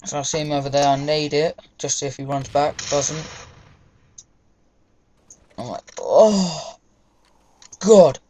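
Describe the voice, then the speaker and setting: A man's voice: a little high, little pitch movement, normal speed, pauses often, a little mellow, a little hiss or hum. A young man, chatting casually over gameplay, rambling with lots of fillers. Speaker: gaming commentator.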